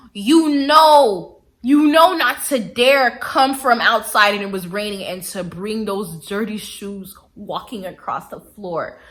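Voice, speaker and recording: Young woman vlogger, fairly high and bright voice; animated, slangy, emphatic advice delivery. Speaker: vlogger giving dating advice. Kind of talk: casual direct-to-camera advice vlog.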